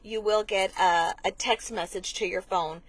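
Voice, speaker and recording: A blood center marketing manager, appearing as a guest in a conversational interview, explains things earnestly, often restarting sentences and filling pauses with small hesitations. Her voice is at an ordinary middle pitch with fairly even intonation, and there's no echo.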